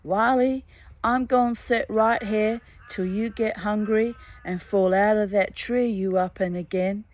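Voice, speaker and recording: A woman's voice: medium pitch, steady tone, a little slow, close to an everyday voice. A woman voicing a grinning, hairy male conjure man from the swamp in a storybook reading, boastful and drawling. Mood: taunting.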